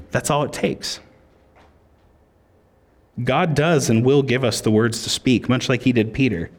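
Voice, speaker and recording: A man's voice: mid-range voice, a little slow, long pauses. A man preaching a sermon as pastor, conversational and joking.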